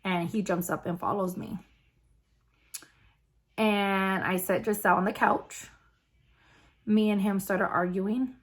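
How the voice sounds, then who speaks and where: A woman vlogger telling a personal story in a casual, halting way, with many fillers and restarts. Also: mid-range voice, steady tone, husky.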